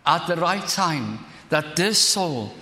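An older man with a Welsh accent, preaching a sermon and telling a personal story, earnest and slowing down to stress key words. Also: on the high side, expressive, pushed and bright. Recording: echoey church hall.

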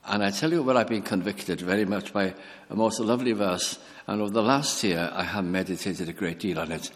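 An older man delivers a sermon in a reflective, musing way, stopping to restart his thoughts and quoting scripture. His voice sits a little low. A long hall reverb trails behind each phrase. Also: fairly quick, few pauses. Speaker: preacher.

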